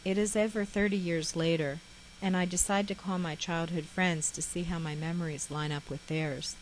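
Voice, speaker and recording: A woman reading her own memoir aloud in a measured, reflective way. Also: fairly low pitch, steady tone, slight background noise, rough recording. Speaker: memoir author.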